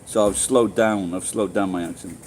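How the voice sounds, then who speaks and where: On a livestream, a middle-aged man with a Sheffield English accent chats casually and rambles, swearing and frequently starting over. He has a deep, a little mellow voice with fairly even intonation at a moderate pace, recorded roughly with slight background noise.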